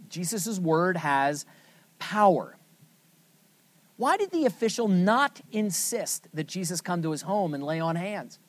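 A Bible study teacher leads a scripture lesson, posing questions to the group and then answering them emphatically. The voice is medium in pitch, with lively intonation and a measured pace, and there's no room sound.

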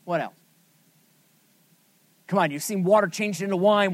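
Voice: mid-range voice, measured pace, no room sound. A Bible study teacher leading a scripture lesson, asking the group questions and then answering them with emphasis.

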